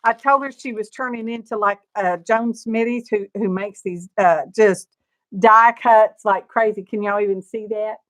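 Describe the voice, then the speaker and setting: With a mid-range voice, steady tone and moderate pace, an older woman presents a live craft show-and-tell from her studio. She hosts a craft channel and comes across as chatty and gushing, naming viewers as she greets them and laughing often.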